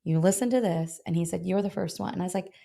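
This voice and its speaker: A woman's voice: lowish voice, fast talker, creaky, warm tone. A middle-aged woman, a health insurance broker, telling stories in a casual interview and acting out both sides of her phone calls.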